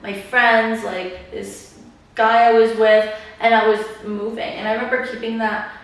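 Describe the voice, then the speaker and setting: A young woman hosts a podcast in loose, chatty talk and often acts out the voices of people she quotes. Her voice has a gravelly, slightly high edge. The room is strongly echoey, and she sits a little away from the mic. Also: little pitch movement, measured pace, recorded from a distance. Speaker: podcast host. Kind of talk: casual chat.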